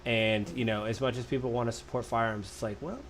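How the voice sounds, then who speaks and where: Man, podcast co-host, fast rambling talk, acts out quotes, faint hiss behind. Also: medium pitch, fairly even intonation. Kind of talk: casual political podcast chat. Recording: faint background noise.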